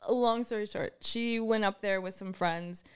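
A woman's voice: mid-range voice, moderate pace, clear, resonant tone. A woman from Wisconsin, co-hosting a casual podcast, telling a story in a chatty, giggly way with many restarts. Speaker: podcast co-host.

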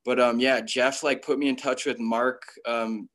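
Here a young Connecticut man, a professional freeskier from the USA, is the guest in an easygoing interview about his career. He uses loads of slang and keeps dropping "like." His mid-range voice is level, unhurried and fairly bright.

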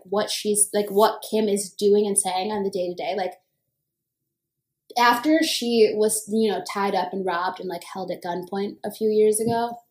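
A young woman co-hosting a casual gossip podcast, animated and swearing freely, acting out quotes. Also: roomy sound. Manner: animated, acts out quotes with bursts of higher pitch. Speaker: podcast co-host.

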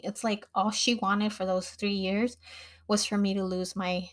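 A woman podcast host, telling a personal story in a candid, expressive way and swearing freely. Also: mid-range voice, moderate pace. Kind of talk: casual storytelling.

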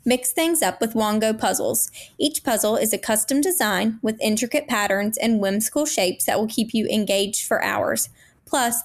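A woman delivers a sponsor spot for a podcast with eager, selling enthusiasm. Her voice sits a little high. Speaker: ad reader. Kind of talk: upbeat sponsor read.

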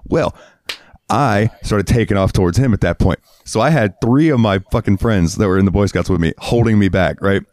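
A man's voice: on the low side, a little fast, darkish tone. A man co-hosting a podcast, telling a heated, profane story in casual chat and acting out what people said. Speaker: podcast co-host.

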